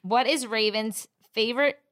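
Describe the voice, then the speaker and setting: A woman's voice: a little high, normal speed, a bit bright. A young woman co-hosting a podcast, chatting casually and exclaiming with frequent laughter. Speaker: podcast co-host. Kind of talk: casual chat.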